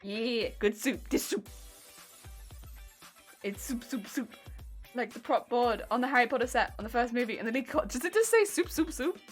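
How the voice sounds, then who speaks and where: A woman's voice: fairly high pitch, expressive, moderate pace, pauses often, faint music behind. A woman with an English accent, chatting casually and playfully with her stream audience while she crafts, rambling and giggling as she goes. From England. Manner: rambling, playful, giggly, reads chat aloud. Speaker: crafting livestreamer.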